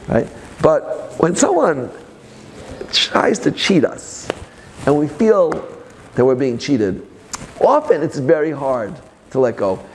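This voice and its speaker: A man's voice: a little high, gravelly, slight background noise. A man speaking as a rabbi, giving a Torah class with personal stories and joking asides. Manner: animated storyteller with joking asides.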